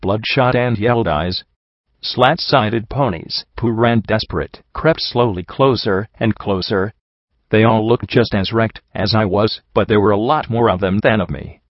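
A man reads a first-person story aloud in a steady, understated way, barely shifting his voice between characters. His voice sits on the low side. The recording is dry and close, with a slightly dull, muffled tone. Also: measured pace, no echo. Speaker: audiobook narrator. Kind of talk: first-person fan fiction reading.

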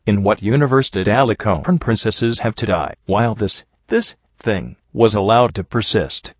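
A man giving steady, measured first-person audiobook narration. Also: on the low side, no echo, highs cut off.

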